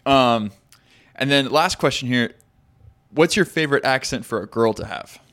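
A man's voice: medium pitch, normal speed, fairly bright tone. Rambling casual male podcast host. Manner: rambling, many fillers and restarts, asks questions. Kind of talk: casual conversational interview.

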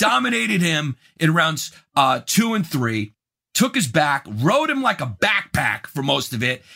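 A brash American man hosting a sports talk show, whose mock outrage swings between low mutters and loud outbursts. His voice sits high and bright, with a gravelly edge, and his pitch leaps all over the place as he rants. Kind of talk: opinionated sports rant.

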